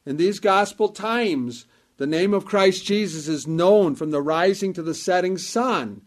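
Slightly high-voiced man preaching a sermon. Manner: measured, emphatic preaching with repetition.

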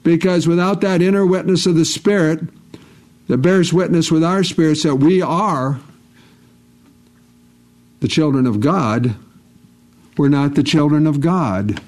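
A man's voice: on the high side, a little slow, pauses often, darkish tone. A man preaching a sermon, emphatic and repetitive, quoting scripture at length.

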